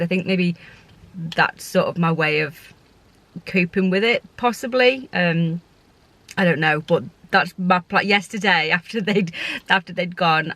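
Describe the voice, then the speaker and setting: A woman's voice: fairly low pitch, a bit bright, dry recording. A woman who works as a short-term foster carer, talking through her feelings in a casual vlog, heartfelt and rambling, with frequent restarts. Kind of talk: casual reflective vlog talk.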